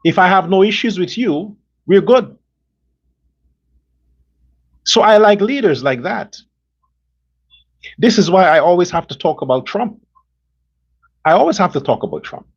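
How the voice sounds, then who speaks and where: Pausing long and speaking a little slowly, the Guyanese host gives animated, blunt political commentary and stages imagined phone conversations between leaders. His voice is high and husky, and the audio is dull.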